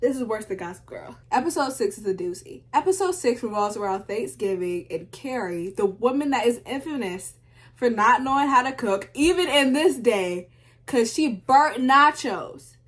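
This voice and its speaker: A young woman recapping a TV show in casual commentary, sassy and animated, talking back to the characters. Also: a little high, normal speed. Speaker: video essay host.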